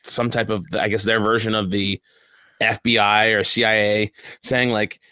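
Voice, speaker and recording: A man's voice: on the low side, little pitch movement, moderate pace, sharp tone, smooth, dry recording. A man hosting a casual podcast, talking loosely with lots of fillers and restarts. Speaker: podcast host.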